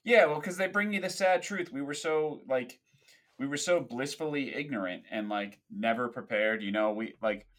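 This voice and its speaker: A man in his thirties, talking in casual chat. His humor is dry and sarcastic, delivered in an even middle voice. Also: mid-range voice, moderate pace.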